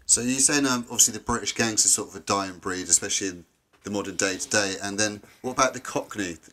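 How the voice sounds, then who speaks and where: A man's voice: lowish voice, fast, sharp tone. A man interviewing a guest, asking long, chatty, leading questions.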